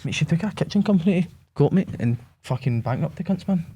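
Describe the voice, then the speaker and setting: Fast-talking Scottish man, mate every line. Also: fairly high pitch, expressive, warm tone, slightly rough. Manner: rambling storyteller who says mate constantly, swears freely. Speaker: guest, bathroom business owner. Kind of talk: casual podcast chat.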